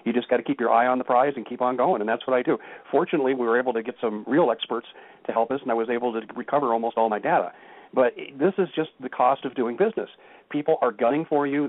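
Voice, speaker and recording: A man speaking as a guest on a call-in talk show, telling stories with emphasis. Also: mid-range voice. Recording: tinny phone line.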